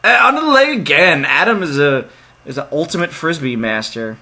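A man giving casual let's play commentary, excitable, with loud outbursts and laughter. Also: fairly high pitch, a little fast, breathy edge.

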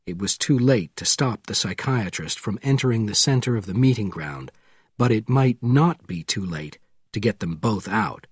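A man narrating a thriller audiobook in a measured, deliberate way. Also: fairly low pitch, lively intonation, breathy edge, no echo, studio quality. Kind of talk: scripted narration.

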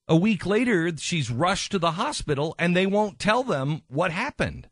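A man's voice: high voice, very animated, normal speed, hardly any pauses, dry recording, clean studio sound. A man hosting a radio talk show, speaking in an impassioned, emphatic way and often repeating himself for stress.

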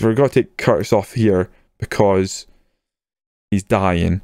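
Excitable man commentating. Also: lowish voice, normal speed, no echo, clean studio sound. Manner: excitable, swears when a goal goes in. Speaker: gaming YouTuber. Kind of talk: casual game commentary.

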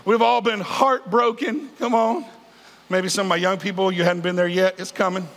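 Man, fifties, pastor preaching, chatty and joking, high gravelly voice, long hall echo. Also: steady tone, moderate pace, a bit bright, a little hiss or hum. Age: 50s. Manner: conversational preaching with humor and crowd prompts. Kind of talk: sermon. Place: large church sanctuary.

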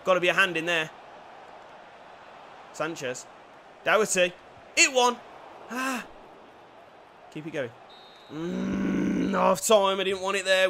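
A young man giving lively commentary over a football video game, dropping to quiet play-by-play and bursting into shouted cheers. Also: high-pitched, creaky, a little hiss or hum. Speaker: gaming YouTuber.

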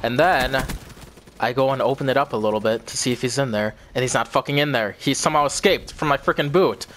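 A man's voice: medium pitch, fast, fairly bright tone, slight background noise. A young man telling a story in a casual, rambling way, swearing often and repeating himself. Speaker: vlogger.

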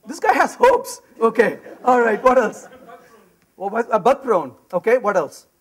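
In an unhurried, very high-pitched voice, a man presents a live technical conference talk. He jokes with his audience in an animated way, often tossing in "right?"

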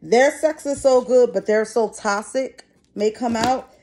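A woman's voice: on the high side, measured pace, warm tone. A middle-aged woman giving a casual tarot reading to her viewers, talking bluntly and chattily and swearing freely. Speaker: tarot reader. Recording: noisy background.

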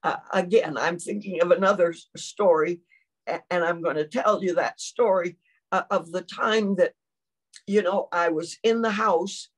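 A woman's voice: fairly low pitch, normal speed. An older woman, preaching a sermon and telling a personal story with lots of acted-out quotes.

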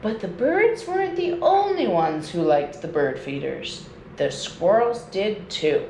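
A woman nature educator reading a children's storybook aloud at home, in a slow and expressive read-aloud manner. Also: medium pitch. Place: indoors at home. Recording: echoey room with faint noise.

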